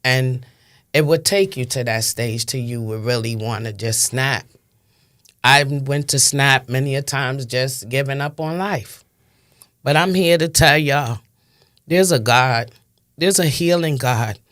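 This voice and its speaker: A woman's voice: rumbling low, a little slow, fairly bright tone. A woman in her fifties from Brooklyn with a New York accent, speaking with impassioned, emphatic testimony in an interview and repeating phrases for stress. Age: 50s. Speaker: interview guest.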